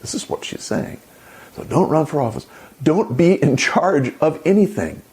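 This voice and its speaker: A man's voice: a little high, expressive, unhurried, darkish tone. A man hosting an opinion commentary, indignant and sarcastic, often exclaiming. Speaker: channel host.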